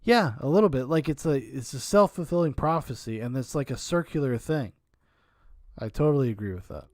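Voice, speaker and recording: A man's voice: medium pitch, animated, brisk, a little mellow, dry recording, clean studio sound. A male podcast host riffing crudely and sarcastically while reacting to a documentary. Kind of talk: commentary on a documentary.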